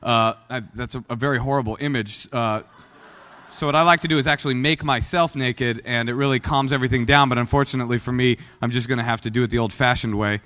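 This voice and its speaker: A man's voice: medium pitch, fairly even intonation, fast talker, a bit bright. Joking man in an echoing meeting hall. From Oakland, California. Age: 40s. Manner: joking, self-deprecating storyteller. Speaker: guest speaker at a recovery meeting. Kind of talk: personal recovery talk to a live audience. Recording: long hall reverb.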